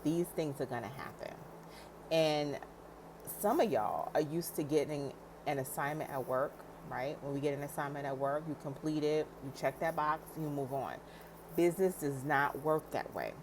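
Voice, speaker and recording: A woman's voice: deep voice, normal speed, background noise. A woman coaching new business owners in a direct, encouraging vlog style, acting out inner doubts and laughing often. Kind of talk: motivational vlog talk.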